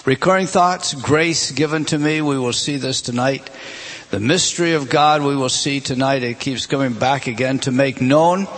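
A man's voice: mid-range voice, moderate pace, fairly bright tone, a little hiss or hum. A man giving an expository Bible teaching, earnest, repeating and stressing key phrases as he explains a passage. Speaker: preacher.

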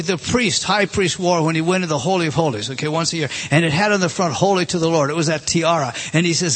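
Preacher, male, higher-pitched husky voice, emphatic and direct with the congregation. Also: a bit bright. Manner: rising and dropping emphatically, direct questions to the congregation. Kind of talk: sermon.

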